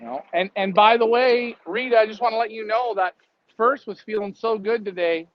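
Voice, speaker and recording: A man's voice: high-pitched, normal speed, a little hiss or hum. A man co-hosting a casual live stream, rambling and joking and laughing often. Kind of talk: casual chat. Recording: dry, dull lo-fi stream audio.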